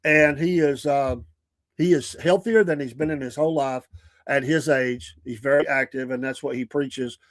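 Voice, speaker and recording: A man's voice: medium pitch, fairly even intonation, normal speed, dry recording, clean studio sound. A man in his sixties with a Southern accent, hosting a morning show in a rambling, earnest chat with restarts and chuckles. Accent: Southern American. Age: 60s. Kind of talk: casual livestream chat.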